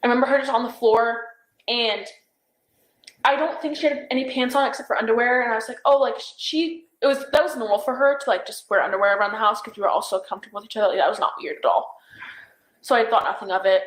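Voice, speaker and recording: A young woman speaks in a slightly high voice, hesitating and circling back with "like" and "I don't know". She is recounting events in a police interview. The recording sounds roomy, as if taken in a bare interview room. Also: fast talker. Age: young adult.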